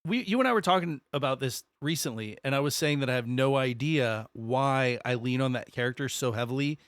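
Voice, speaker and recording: A man from the American South co-hosting a casual podcast, talking loosely and swearing freely. His voice sits at an ordinary middle pitch, recorded close and dry. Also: fairly quick, a bit bright, no room sound. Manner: rambling, swears, self-correcting. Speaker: podcast co-host. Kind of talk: casual chat.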